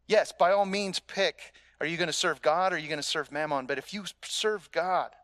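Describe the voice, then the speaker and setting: A man's voice: fairly high pitch, normal speed, hardly any pauses, a bit bright, no room sound. A man preaching a sermon in a conversational, emphatic way, asking the listeners rhetorical questions and repeating his key phrases. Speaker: pastor.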